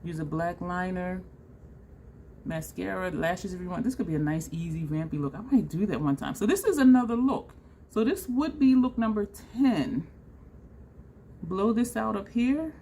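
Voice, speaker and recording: A woman vlogging a makeup tutorial in a chatty, excitable way, talking straight to her viewers. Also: on the low side, moderate pace, slight background noise. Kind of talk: casual makeup tutorial chat.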